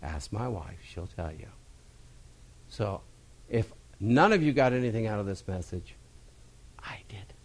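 A male pastor preaching a sermon in a folksy, personal way, repeating key phrases and swinging from loud emphasis to quiet, low asides. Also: very animated, unhurried, long pauses.

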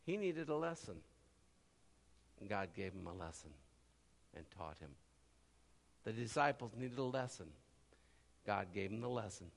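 A man preaching a sermon, swinging from loud cries to low murmurs and acting out the voices of people in his stories. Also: expressive, a little slow, vocal fry, pauses often, in a large hall.

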